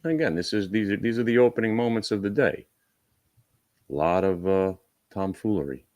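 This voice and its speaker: Man, low voice, dry recording, live trading commentary, direct and wry. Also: expressive, darkish tone, no echo. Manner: brisk and coaching, talks to viewers directly; wry asides. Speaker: day trading host.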